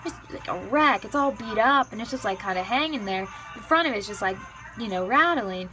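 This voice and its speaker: A woman's voice: fairly high pitch, expressive, brisk, bright, forceful tone, soft background music, low-quality recording. A woman interpreting a signed story into spoken English in a casual, filler-heavy manner. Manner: casual, many repeated fillers like "yeah, yeah". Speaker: ASL interpreter.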